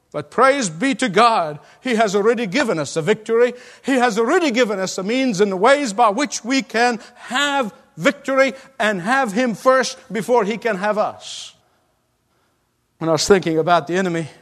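A man preaches a sermon, repeating himself emphatically and laughing lightly now and then. His voice is high for a man and fairly bright, and the long reverb of a large hall trails each phrase.

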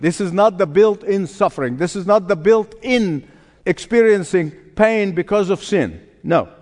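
A male pastor preaching a sermon emphatically, repeating key phrases and swinging from hushed to loud. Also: high-pitched. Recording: long reverb of a large hall.

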